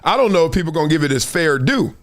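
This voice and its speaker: A man hosting a sports podcast, talking in an emphatic, animated way and laughing often. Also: on the high side, fast talker. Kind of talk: animated sports commentary chat.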